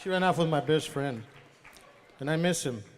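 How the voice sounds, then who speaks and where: A man leading a band on a live radio show, introducing a song with slow, deadpan jokes. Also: a little high, in a large hall, slight background noise. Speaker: bandleader. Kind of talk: live radio stage banter.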